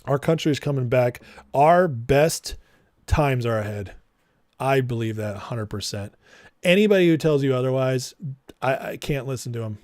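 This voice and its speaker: A man's voice: medium pitch, expressive, normal speed, a little mellow, no echo, studio quality. A man in his forties hosting a political livestream, speaking fervently and preachily and reading out chat comments.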